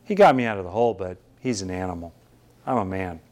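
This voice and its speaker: A man's voice: low-pitched, lively intonation, quick pace, a little mellow, voice pushed down. A man playing a lost, ungrateful hunter in a told fable, urgent and self-serving. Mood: scheming. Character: lost, ungrateful male hunter, desperate and scheming.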